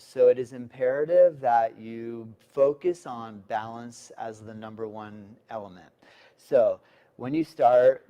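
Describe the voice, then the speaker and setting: A man with a mellow, darker voice talks a class through a balance pose, one step at a time. His coaching is calm and patient, built on short instructions. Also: medium pitch, poor audio. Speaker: yoga teacher. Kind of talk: instructional yoga demonstration.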